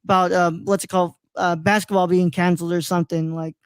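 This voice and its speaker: A man's voice: high voice, little pitch movement, fast talker, clear, resonant tone, dry recording. A man in his twenties from Mexico hosting a casual live show, rambling and stumbling over names with many fillers. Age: 20s. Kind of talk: casual live-stream chat.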